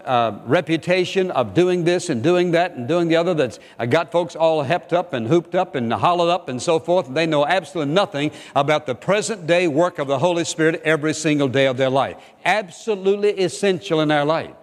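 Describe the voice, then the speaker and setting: A man's voice: fairly high pitch, big-room sound. An older man preaching a sermon as pastor, emphatic and repetitive, questioning his listeners directly.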